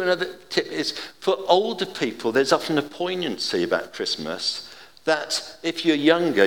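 An older man giving an informal, chatty sermon with gentle humour and family anecdotes. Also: a little high, long reverb tail.

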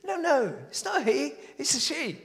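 A patient young mother correcting her little boy, her voice raised and soft, as an older British man takes her part in a sermon. Her words echo through a long church-hall reverb. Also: extremely high pitch, very animated, normal speed, creaky, pitched above the performer's own voice, heavily acted. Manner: gentle, repeated correction.

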